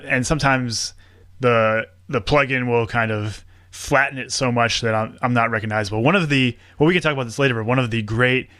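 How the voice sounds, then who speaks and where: A man's voice: medium pitch, a bit bright, dry recording, studio quality. A man being interviewed as a guest, a podcast producer who chats casually and laughs often while explaining.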